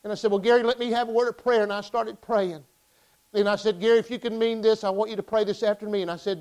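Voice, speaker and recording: A pastor from Arkansas, preaching a sermon and telling a story with impassioned, emphatic bursts. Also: male voice, high voice, steady tone, fast talker, low-quality recording.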